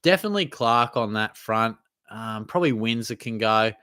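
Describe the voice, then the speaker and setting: A man's voice: on the low side, expressive, moderate pace, pushed and bright, smooth, dry recording, studio quality. An Australian man hosting a live question-and-answer stream, talking in a laid-back, chatty way with plenty of slang. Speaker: host. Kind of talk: casual live Q&A chat.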